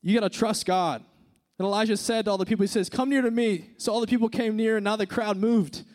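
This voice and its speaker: Guy preaching to a youth crowd, kinda high voice, chatty, goes quiet then fired up. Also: steady tone, fast. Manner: conversational, swings from hushed to emphatic. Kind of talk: sermon.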